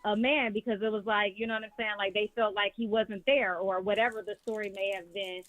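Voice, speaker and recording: A woman's voice: mid-range voice, steady tone, fairly quick, fairly bright tone, no echo. A woman calling in to a talk show, speaking in a loose conversational way. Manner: conversational, lots of "you know what I'm saying". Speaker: caller. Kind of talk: casual call-in discussion. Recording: tinny phone line, dry.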